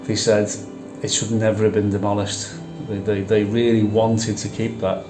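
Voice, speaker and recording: A man with a fairly low voice narrates a vlog in a relaxed, chatty way and repeats his points for emphasis. His voice echoes around the room. Clear music plays behind him. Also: normal speed. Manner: conversational, repeats phrases for emphasis. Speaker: vlog host.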